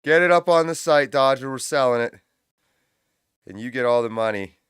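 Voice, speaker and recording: Smooth-voiced man hosting a livestream. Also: medium pitch, moderate pace, no echo, clean studio sound. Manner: loose, profane, laughs loudly. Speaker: livestream host. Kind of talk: casual livestream chat.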